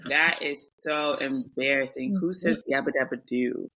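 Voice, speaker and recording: A woman's voice: very deep voice, unhurried, a bit bright, rough recording. A woman co-hosting a casual podcast chat, making her case bluntly. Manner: blunt, argumentative. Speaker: podcast co-host.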